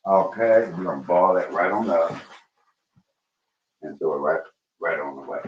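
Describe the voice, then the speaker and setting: A man cooking at home on a livestream, chatting to viewers as y'all and breaking into high excited bursts. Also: moderate pace. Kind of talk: casual livestream cooking chat. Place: home kitchen. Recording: roomy, dull livestream audio.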